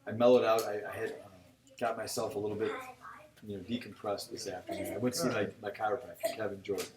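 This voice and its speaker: Middle-aged man, fast and profane, storytelling podcast co-host, echoey room, mic at a distance. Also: lowish voice, flat delivery, a loud crowd. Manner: rambling storyteller, profane, quotes people in dialogue. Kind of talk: casual chat. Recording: roomy echo, mic set back, faint noise.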